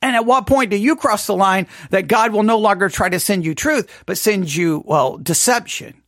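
A man's voice: high-pitched, normal speed, a bit bright, no room sound, clean studio sound. A man teaching a Bible study class, thinking aloud and asking many rhetorical questions.

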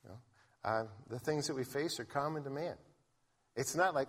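A man's voice: mid-range voice, lively intonation, moderate pace, fairly bright tone, slightly rough. A man pastor giving a sermon in a conversational way, reading scripture aloud and often restarting his sentences. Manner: conversational preaching with frequent restarts.

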